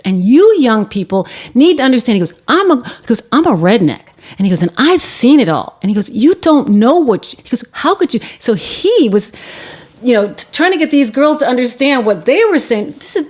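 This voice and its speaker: A woman filmmaker telling a story in conversation, acting out the people she quotes and dropping to a hush on grim parts. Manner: acts out quoted voices, shifting pitch and volume; drops to a hushed, quiet tone on grim topics. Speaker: guest, documentary filmmaker.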